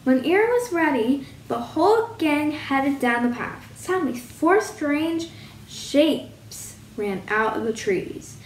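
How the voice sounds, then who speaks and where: Animated woman storyteller reading a picture book, lively pitch, faint room hum. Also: takes it slowly, echoey room. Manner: sing-song and animated.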